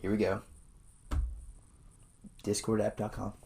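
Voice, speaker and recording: A man co-hosting a casual podcast, excitable and chatty, swearing casually and saying "dude" a lot. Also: fairly low pitch, slow pace, gravelly. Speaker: podcast co-host. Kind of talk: casual chat.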